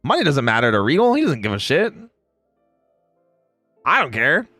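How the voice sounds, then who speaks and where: A man's voice: medium pitch, huge pitch swings, moderate pace, bright, forceful tone, dry recording, soft background music. A man chatting casually on a livestream, ranting with lots of swearing and frequent laughter. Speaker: streamer.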